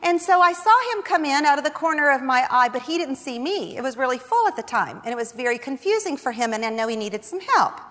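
A woman giving a humorous testimony sermon to a Christian women's gathering, telling her story in a lively, self-mocking way. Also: high voice, fast talker, few pauses. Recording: long reverb of a large hall.

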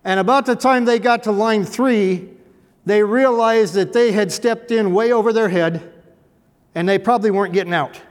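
High-voiced man telling folksy stories. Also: normal speed. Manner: folksy, anecdotal, dry self-mocking humor. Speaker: former police officer telling stories. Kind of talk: humorous storytelling talk to an audience. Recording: echoey hall reverb.

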